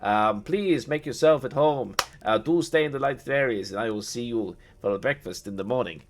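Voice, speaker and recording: A man voicing a grandiose male vampire lord in a tabletop game, loud and theatrical. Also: normal speed, close to an everyday voice. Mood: excited. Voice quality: loud, high and showy.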